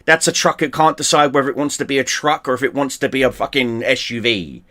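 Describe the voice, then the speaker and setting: A man hosting a casual stream, spinning a lively story at a middling pitch. He swears freely, gets animated and keeps restarting his sentences as he goes. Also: fast talker. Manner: profane, animated, with frequent restarts. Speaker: streamer host.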